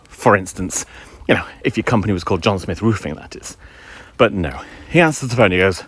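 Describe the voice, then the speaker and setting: A man's voice: sits low, animated, quick pace, fairly bright tone, slightly rough. A middle-aged man from England, chatting and telling stories as he walks his dog outdoors, wry and mimicking voices. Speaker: vlogger. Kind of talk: casual chatty live-stream ranting.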